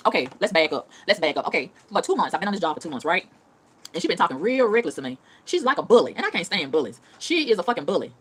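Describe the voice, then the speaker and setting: A woman rattling off a profane rant at top speed, repeating lines for emphasis. Her pitch swoops up and down with lively energy. It is an unscripted, casual vlog delivery. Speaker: vlogger.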